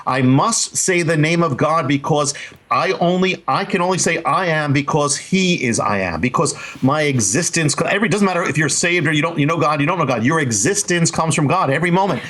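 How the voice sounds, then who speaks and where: A man's voice: on the high side, expressive, a little fast. A man who is a guest rabbi and author, teaching earnestly in conversation, often restarting his phrases. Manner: earnest, repetitive restarts, laughs warmly at points.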